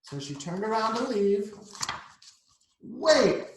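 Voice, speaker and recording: A man's voice: fairly high pitch, a little slow, slight background noise. A middle-aged man reading a picture book aloud to children, chatty and explaining the pictures as he goes. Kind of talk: read-aloud storytime. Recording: echoey room.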